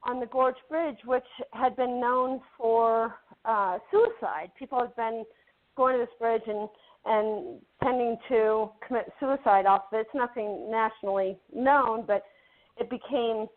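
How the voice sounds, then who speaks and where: A woman's voice: a little high, unhurried. Chatty woman guest on a tinny phone line. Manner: chatty, repeats words while building a story. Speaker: guest actress. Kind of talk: casual interview storytelling. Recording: phone-like narrow band.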